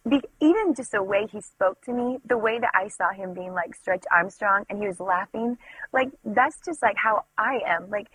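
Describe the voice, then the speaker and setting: A woman's voice: medium pitch, moderate pace, fairly bright tone, husky, low-quality recording. A woman giving an emotional, vivid personal faith testimony, often using "like" as she tells it. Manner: emotional, vivid retelling with many "like"s.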